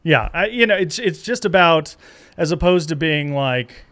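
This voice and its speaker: Animated man telling stories, higher voice. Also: normal speed. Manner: animated storytelling, jumps into high-pitched character voices. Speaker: guest, comedic actor. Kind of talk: casual chat.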